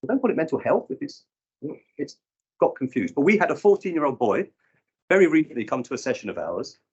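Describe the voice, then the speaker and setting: Husky man giving a lively talk. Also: on the high side, a little fast, muffled recording. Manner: animated storyteller acting out quoted people. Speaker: conference speaker. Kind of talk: live breakout session talk. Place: conference room.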